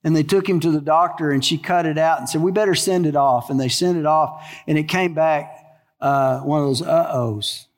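An older man preaching a sermon in a folksy, animated way, full of stories and rhetorical questions. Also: on the high side, normal speed. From American South. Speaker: pastor.

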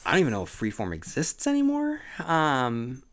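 A man's voice: mid-range voice, huge pitch swings, moderate pace. A sleepy man hosting a podcast from home, talking casually about a book with lots of fillers and restarts. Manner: rambling, many fillers and restarts. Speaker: podcast host. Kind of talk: casual solo book discussion. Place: home on a rainy day.

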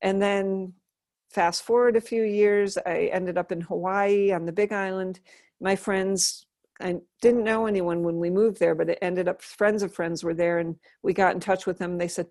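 A woman's voice: mid-range voice, steady tone, normal speed, darkish tone, dry recording, studio quality. A middle-aged woman telling her life story in an interview, earnest and thoughtful, often restarting her sentences. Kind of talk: reflective personal storytelling.

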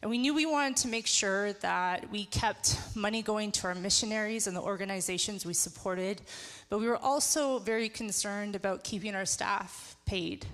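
A woman on a church staff giving the congregation a measured, earnest update. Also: mid-range voice, fairly bright tone. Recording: echoey hall.

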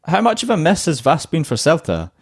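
A man's voice: a little high, wildly swooping pitch, fairly quick, slightly rough. A man hosting a casual football podcast, chatting and putting questions to his guests. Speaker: podcast host.

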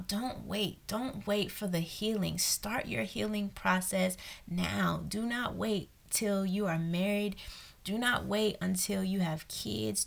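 A woman's voice: on the low side, creaky. A young woman coach giving an earnest faith-based talk to women, repeating phrases and dropping into whispers for emphasis.

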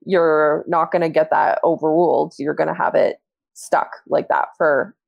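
Female podcast co-host, low voice, dry close mic, relaxed with easy laughs. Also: moderate pace, gravelly, dry recording, lo-fi sound. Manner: relaxed, laughs between points. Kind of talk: casual political chat.

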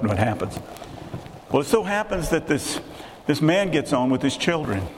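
An older man, preaching a sermon in a conversational way and putting rhetorical questions to the congregation. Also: mid-range voice. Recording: echoey hall with clear background hiss.

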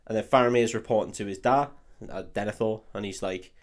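A man's voice: lowish voice, fast talker. A man co-hosting a casual podcast, retelling a film with lots of swearing and jokes. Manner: sweary, jokey retelling with put-on character voices. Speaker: podcast co-host. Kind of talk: casual film recap chat.

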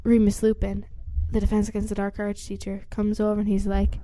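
A woman with a mellow, soft-edged voice of middle pitch retells a story in casual chat. She is chatty and uses lots of fillers. She jumps into little acted-out lines along the way. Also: monotone, a little fast, no room sound. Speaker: storyteller retelling a book plot.

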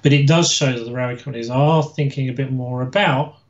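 A man's voice: medium pitch, fairly even intonation, brisk. A man co-hosting a casual history chat, talking hesitantly with many fillers and restarts. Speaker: co-host, history researcher. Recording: echoey room, dull lo-fi sound.

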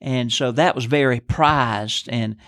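A man's voice: medium pitch, takes it slowly, fairly bright tone, dry recording, clean studio sound. A middle-aged father and church leader discussing the Bible in a folksy, explanatory way. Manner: folksy, explanatory, affirms with "that's exactly right".

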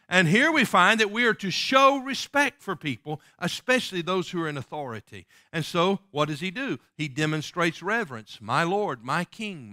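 A male pastor preaching a sermon emphatically and reading scripture in a slow, solemn way. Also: high voice, bright, forceful tone, dry recording, studio quality.

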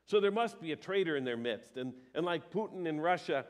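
A male pastor delivers a sermon with a fairly high-pitched voice. He keeps it conversational and stresses key points with lifted emphasis. He hesitates now and then as he thinks aloud. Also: animated, fairly quick.

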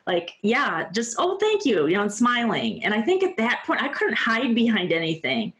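A very animated woman in her fifties, medium-pitched and a bit bright, talks at a normal speed as an interview-show guest. She tells her life story sincerely and from the heart, leaning heavily on "you know" and "like."

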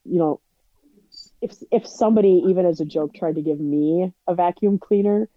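A woman's voice: fairly low pitch, moderate pace, dull audio, slight background noise. A woman in a casual chat, blunt and joking.

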